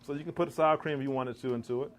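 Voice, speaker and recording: A man's voice: medium pitch, fairly even intonation, fast talker. A man giving a vegan cooking demonstration to a live audience, calling out to the crowd like a preacher. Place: church hall kitchen.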